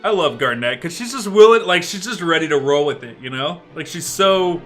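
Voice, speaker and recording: A man's voice: on the high side, animated, a little fast, fairly bright tone, soft background music. A man streaming a game, chatting animatedly with lots of fillers. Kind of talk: game let's play commentary.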